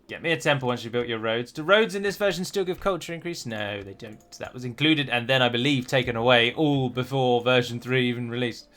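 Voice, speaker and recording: A man's voice: medium pitch, a little fast, hardly any pauses, fairly bright tone. A man giving casual gameplay commentary, rambling and self-deprecating with chatty asides.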